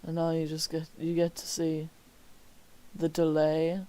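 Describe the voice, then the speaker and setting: A man's voice: a little high, completely flat delivery, a little slow, mellow, clean tone, low-quality recording. A young man reading his homework aloud on a stream, breaking off into wry joking asides. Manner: wry, slips into whispered mock remarks. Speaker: student streamer.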